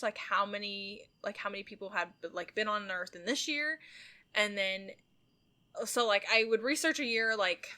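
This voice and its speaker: A woman's voice: medium pitch, bright, forceful tone. A young woman co-hosting a casual podcast, earnest and rambling, full of "like". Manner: earnest, rambling, heavy use of "like". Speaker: podcast co-host.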